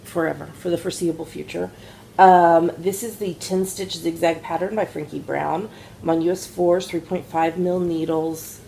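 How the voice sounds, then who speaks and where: Low gravelly woman chatting. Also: steady tone, moderate pace, dark tone, a little hiss or hum. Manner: chatty, rambling storyteller with many fillers. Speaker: podcast co-host, mother. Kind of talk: casual chat about knitting.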